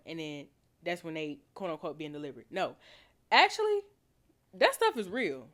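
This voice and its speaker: A woman's voice: on the low side, wildly swooping pitch, moderate pace, long pauses, fairly bright tone. A young woman, hosting a podcast and telling a personal story in a candid way, with emphatic repetition. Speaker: podcast host.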